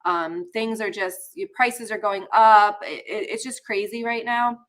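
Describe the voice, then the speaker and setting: A woman's voice: mid-range voice, fairly even intonation, unhurried, fairly bright tone. A woman hosting a live online session, teaching casually and talking straight to viewers while a bit under the weather. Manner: chatty, talks straight to viewers, greets chat.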